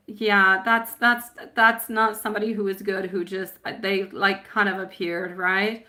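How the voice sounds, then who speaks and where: A woman's voice: medium pitch, flat delivery, unhurried, few pauses, bright, forceful tone. A woman giving a live-stream tarot reading, chatty and affectionate, often laughing at herself.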